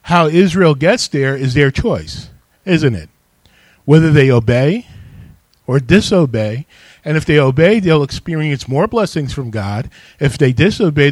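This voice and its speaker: A man's voice: medium pitch, no echo. A man preaching a sermon as pastor, emphatic and calling on the congregation to respond.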